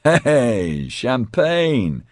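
A man's voice: mid-range voice, huge pitch swings, drawn-out words, a little mellow, no room sound, clean studio sound, pitched above the performer's own voice, full character voice. A man playing a good-natured, self-mocking man. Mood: wry. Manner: wry, self-deprecating.

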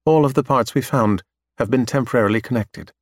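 A man voicing a calm, precise android scientist who speaks matter-of-factly. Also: mid-range voice, fairly quick, dry recording, studio quality, close to an everyday voice. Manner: completely calm, matter-of-fact.

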